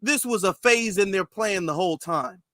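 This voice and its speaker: Sarcastic high-voiced man reacting to clips. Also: moderate pace, sharp tone, dry recording, clean studio sound. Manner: sarcastic, mocks politicians in mimicking voices. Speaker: political commentary host. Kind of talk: reaction commentary on news clips.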